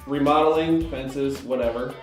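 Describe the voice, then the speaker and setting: A man's voice: mid-range voice, steady tone, moderate pace. A man hosting a casual chat show, upbeat and playful, singing out some lines and reading a sponsor spot. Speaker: host. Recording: echoey room, faint music.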